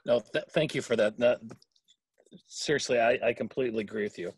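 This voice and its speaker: A man's voice: mid-range voice, a little fast, slightly rough. A man interviewing a guest in casual chat, asking brief, friendly questions.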